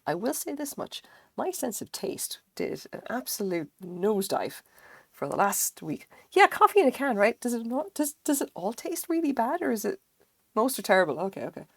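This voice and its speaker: A woman's voice: mid-range voice, vocal fry, dry recording, studio quality. A woman streaming live, chatting casually with her viewers in a rambling way and swearing freely. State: recovering from illness, sense of taste dulled. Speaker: craft streamer.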